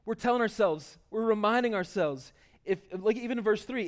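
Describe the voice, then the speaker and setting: A man preaching a sermon as pastor, talking conversationally, with restarts and emphatic swells, and slowing down to read scripture aloud. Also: high voice.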